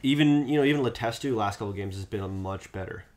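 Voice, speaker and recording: Male co-host, casual hockey chat, analytical, hedging, lowish voice. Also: fast, a crowd in the background. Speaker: podcast co-host.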